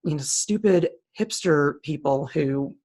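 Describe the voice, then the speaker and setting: A woman's voice: low-pitched, a little slow, dark tone. A woman co-hosting a casual talk, walking through listings on screen in a blunt, opinionated, plain-spoken way. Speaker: co-host. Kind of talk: casual screen-share commentary.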